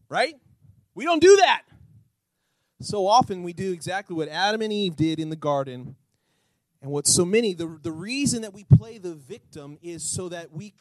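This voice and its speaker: A man pastor preaching a sermon, animated, asking the congregation rhetorical questions and acting out little scenes. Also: sits high, normal speed, no echo, low-quality recording.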